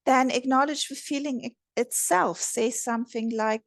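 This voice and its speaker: A woman relationship coach giving a gentle, measured instructional talk. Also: sits high, no echo, studio quality. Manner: gentle, measured, modelling empathetic phrases.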